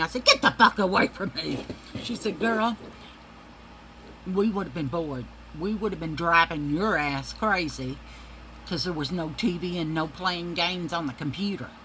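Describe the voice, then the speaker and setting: Woman vlogger, heated profane rant, bright edgy voice, faint room hiss. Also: low-pitched, low-quality recording. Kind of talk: casual rant to camera.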